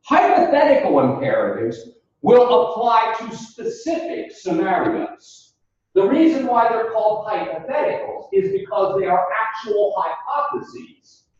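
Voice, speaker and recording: A man lecturing a philosophy class, deliberate and explanatory, calling the students folks and quizzing them as he goes. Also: high voice, very animated, a little mellow. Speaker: philosophy instructor. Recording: echoey classroom recorded from far off, dull lo-fi sound.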